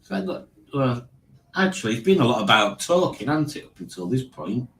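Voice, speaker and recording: A man's voice: medium pitch, very animated, fairly quick, fairly bright tone, reverberant, slight background noise, poor audio. A man hosting a casual online quiz, reading questions and joking about them. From Liverpool, England. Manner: wry, mocking the questions. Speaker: quiz host.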